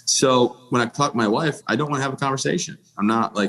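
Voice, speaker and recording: A man's voice: mid-range voice, fast, a bit bright. A man in his thirties from the United States, a podcast guest telling a personal story in a blunt, plainspoken way, with frequent restarts and "you know"s. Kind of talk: candid personal storytelling in a conversation.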